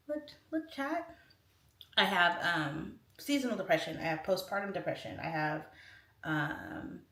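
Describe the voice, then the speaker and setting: A woman's voice: fairly low pitch, animated, measured pace, a bit bright, a little hiss or hum. Chatty woman livestream host, rambling "like"-heavy delivery, recorded from a distance in an echoey room. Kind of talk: casual livestream chat, reading out comments. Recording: roomy echo, distant mic.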